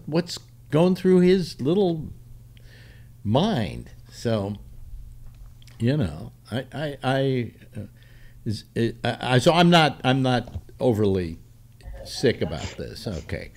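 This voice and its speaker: Man, talk show host, casual political chat, lively pitch, halting restarts. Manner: rambling, halting, many restarts.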